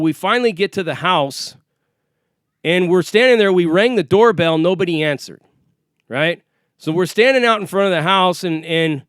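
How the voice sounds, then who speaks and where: Guy with a smooth voice, dry close sound, telling a cussing story casually and acting out the other people's lines. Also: sits high, a bit bright, no room sound. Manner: profane, acts out the quoted voices. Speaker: storyteller recounting an arrest. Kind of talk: casual first-person storytelling.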